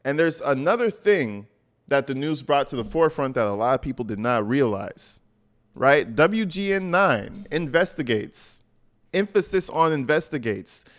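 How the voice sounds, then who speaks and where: A man's voice: medium pitch, very animated, moderate pace, a bit bright. Slangy, emphatic male commentator. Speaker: commentary YouTuber. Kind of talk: casual video commentary.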